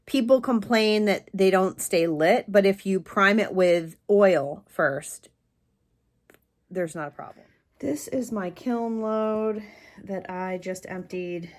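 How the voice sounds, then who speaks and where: A woman's voice: mid-range voice, unhurried. A woman who runs a small pottery and candle business, chatting casually on her vlog and telling a candid, rambling story with crude humor.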